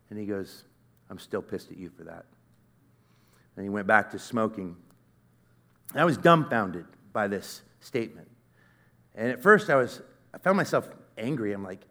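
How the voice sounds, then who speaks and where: A middle-aged man giving a sermon, telling a personal story in a conversational, earnest way that swings from loud to hushed. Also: medium pitch. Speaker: conference speaker.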